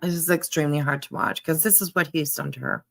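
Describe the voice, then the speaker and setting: A woman's voice: sits low, fast, vocal fry, a bit bright. A woman reacting to a clip on a live stream, blunt and emphatic, talking straight back at the person on screen. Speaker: commentary streamer.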